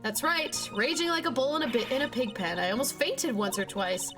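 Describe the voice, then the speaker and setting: A woman's voice: sits high, lively intonation, a little fast, pitched above the performer's own voice. A woman voicing a chatty older nun with a bad back, using a put-on country accent. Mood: complaining. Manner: folksy, chatty and self-pleased. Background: game music.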